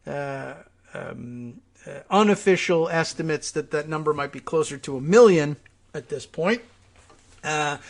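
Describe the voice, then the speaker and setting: A man's voice: a little high, a bit bright. A man hosting a political talk show, talking through the news in an exasperated, thinking-aloud way. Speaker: host. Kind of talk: political commentary monologue.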